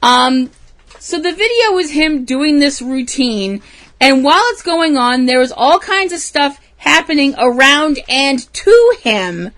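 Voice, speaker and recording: A woman's voice: high voice, sing-song, unhurried, fairly bright tone. A woman co-hosting a casual talk show, telling a story with lots of laughs and animation. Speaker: podcast co-host. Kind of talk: casual chat.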